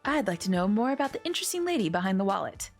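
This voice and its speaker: A woman reading the lines of a dim-witted male cat detective in a wry, deadpan way. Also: medium pitch, rapid-fire, faint music behind.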